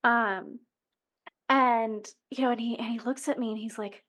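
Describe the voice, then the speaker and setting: Woman in her thirties with a bright, higher voice, earnest and open as she shares a personal story as an interview guest. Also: steady tone, a little slow. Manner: earnest, emotional, self-correcting restarts.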